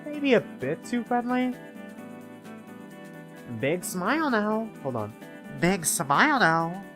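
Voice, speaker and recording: A man's voice: sits high, very animated, slow, over music, voice pushed up, full character voice. A man voicing a bubbly valley-girl triceratops teen girl with a nasal drawl. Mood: breezy. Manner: chummy, aloof.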